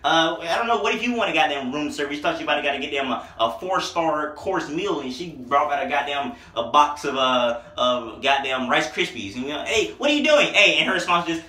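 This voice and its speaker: A man's voice: on the high side, big pitch swings, a little fast, few pauses, pushed and bright. A young man casually reviewing a mixtape in a rambling, profane, joking way. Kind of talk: casual comedic music review. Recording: echoey room, mic at a distance.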